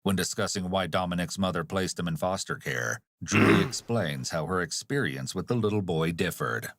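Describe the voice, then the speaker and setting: A man hosting a podcast, reading a scripted true-crime narration in a steady, measured way. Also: deep voice.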